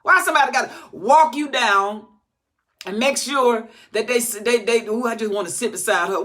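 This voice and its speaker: A woman's voice: a little high, brisk, a bit bright. A woman teaching the Bible in an emphatic, scolding, repetitive way.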